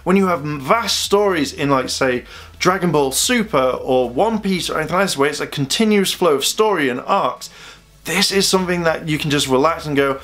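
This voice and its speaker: Man, casual review, chatty, rambling, filler-heavy, slightly raised pitch. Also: expressive, normal speed, a bit bright. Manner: chatty, rambling, heavy use of "you know". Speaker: anime reviewer.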